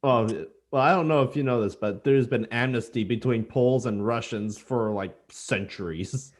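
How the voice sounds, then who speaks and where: A man with a mid-pitched voice co-hosting a relaxed podcast chat. He answers with dry, deadpan remarks and winding, filler-laden explanations. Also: moderate pace. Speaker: podcast co-host. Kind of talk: casual chat.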